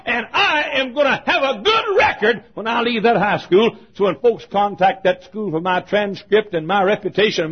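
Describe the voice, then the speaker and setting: An older man preaching a fervent sermon as pastor, swinging from shouted exhortation to low, quiet asides. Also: breathy edge. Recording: dull lo-fi sermon recording.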